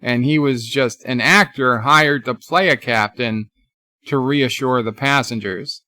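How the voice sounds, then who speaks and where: A man's voice: medium pitch, measured pace, bright, forceful tone, no room sound, studio quality. A man giving a casual, rambling live review of a TV episode, with many restarts, retelling scenes. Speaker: YouTube TV reviewer.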